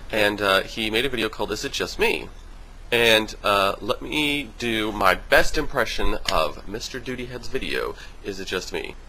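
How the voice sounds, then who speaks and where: A man venting on his video blog in a casual, animated way, swearing freely and mimicking other people in high voices. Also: a little hiss or hum, low-quality recording. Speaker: vlogger. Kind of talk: casual vlog rant.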